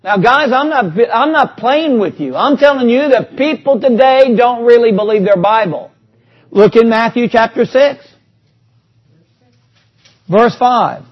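A man's voice: very high voice, highs cut off. A man preaching a sermon, talking to the congregation in a conversational way and reading out scripture.

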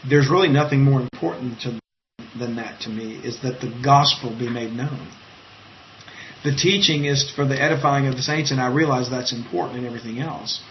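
A man preaching informally to an online group, reading viewers' comments and talking in a halting, conversational way. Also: medium pitch, muffled recording, a little hiss or hum. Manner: conversational, halting, with many fillers and restarts. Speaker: preacher leading an online Bible study. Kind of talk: informal live-streamed Bible teaching.

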